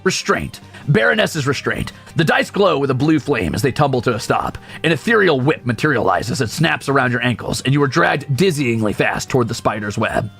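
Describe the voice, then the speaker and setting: A man's voice: mid-range voice, expressive, fairly quick, vocal fry, hardly any pauses, a bit bright, soft background music. A male streamer reading a game's story aloud, with sarcastic, profane asides. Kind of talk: game read-through with commentary.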